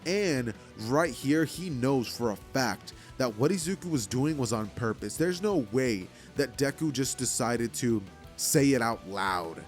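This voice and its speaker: A man's voice: medium pitch, expressive, measured pace, faint music behind. A man casually telling a fan-made story, rambling and filling with "like" and "you know".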